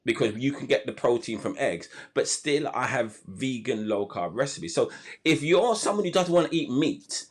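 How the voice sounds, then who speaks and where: Over a video call, a podcast host runs a live health show, full of enthusiasm and prone to fillers and restarting his sentences. He has a mid-range, slightly rough voice, animated and at a moderate pace.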